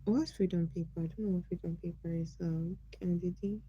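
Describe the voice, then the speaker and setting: A woman's voice: fairly low pitch, steady tone, fairly quick, slightly rough, no echo, muffled recording. A Nigerian woman from Nigeria hosting a casual livestream, greeting viewers by name and asking them curious questions. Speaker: livestream host.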